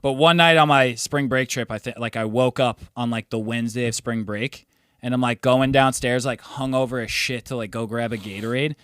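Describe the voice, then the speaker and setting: A man's voice: medium pitch, fairly even intonation, fairly quick, fairly bright tone, clean tone, dry recording, clean studio sound. A young man co-hosting a podcast, telling rambling stories in casual chat and swearing freely. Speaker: podcast co-host.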